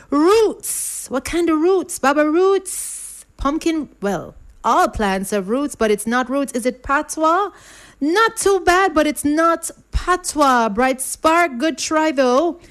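A woman's voice: high voice, animated, slow pace, a bit bright. A woman hosting a radio quiz, reading listeners' answers in a playful, rhyming patter.

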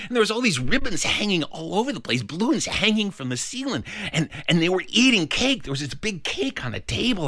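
A man's voice: a little high, dry recording. A man telling a childhood story as a performed storytelling piece, playful and acting out the characters. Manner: animated, playful, acts out every character.

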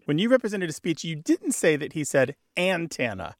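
A man's voice: fairly high pitch, sing-song, normal speed, no room sound, studio quality. A man co-hosting a radio call-in show, explaining things in a good-humored, scholarly way. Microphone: studio microphone.

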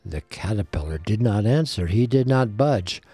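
A man telling a folk tale in storybook narration, animated and voicing the characters. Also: on the low side, normal speed, slightly rough, no room sound, faint music behind. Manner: animated, voices the characters, asides to a listener.

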